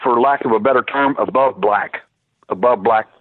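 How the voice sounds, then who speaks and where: A man's voice: mid-range voice, moderate pace, no echo. An older man, a former cop turned private investigator, calling in to tell stories in a rambling way with many fillers and restarts. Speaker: phone-in guest. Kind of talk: casual storytelling. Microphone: telephone. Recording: tinny dry phone line.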